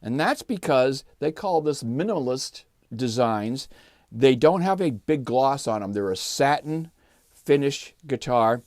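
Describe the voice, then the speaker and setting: An older man hosting his channel, giving a relaxed, chatty review and demo of a guitar and explaining as he goes. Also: medium pitch, measured pace, no echo, studio quality. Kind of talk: casual product review and demo.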